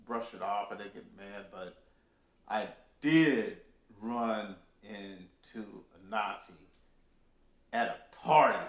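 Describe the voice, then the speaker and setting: A man in an interview telling stories from touring, animated and full of fillers. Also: on the low side, takes it slowly. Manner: animated storyteller, many fillers. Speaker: guest musician. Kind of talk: casual storytelling interview. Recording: echoey room.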